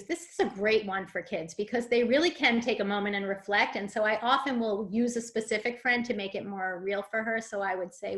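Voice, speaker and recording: A woman's voice: medium pitch, normal speed, few pauses, a bit bright. A woman presenting a parenting webinar, explaining things with fillers and acting out example phrases. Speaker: parent coach.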